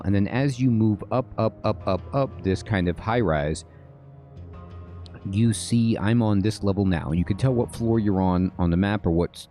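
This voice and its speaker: A man with a lowish voice hosts a game guide, giving casual gameplay tutorial commentary. He stays relaxed and keeps checking in with "all right?"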